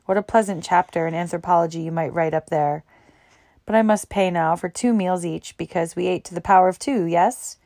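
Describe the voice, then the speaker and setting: A woman's voice: fairly low pitch, a little fast, darkish tone, no echo, clean studio sound, natural voice. A woman voicing a cheerful, jovial middle-aged male doctor who teases and jokes in a hearty way. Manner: hearty, teasing.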